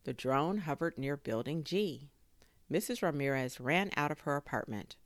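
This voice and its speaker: A woman reading a children's chapter book aloud, expressive and full of sound effects. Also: low voice, moderate pace, dry recording. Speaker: story reader.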